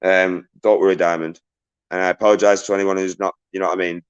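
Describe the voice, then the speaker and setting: A man with a low, deep voice hosts a livestream, reading chat messages aloud and giving shout-outs. He rants in an agitated way and swears freely between greetings to viewers. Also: flat delivery, quick pace, clean tone, lo-fi sound.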